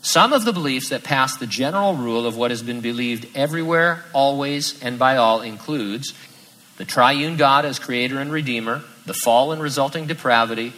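A man preaching a sermon, lively and acting out the voices in his quotes. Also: medium pitch, moderate pace, low-quality recording. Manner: animated, acts out quoted voices. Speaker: pastor.

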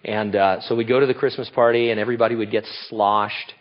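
A man's voice: fairly low pitch, steady tone, quick pace, dull audio. An older man giving a sermon as a pastor, rambling and joking and breaking into laughter.

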